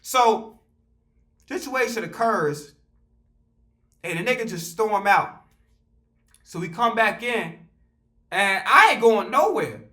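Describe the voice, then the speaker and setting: Young male vlogger, high and bright, animated and profane with loose slang. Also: takes it slowly, pauses often. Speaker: vlogger telling a story. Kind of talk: casual storytime.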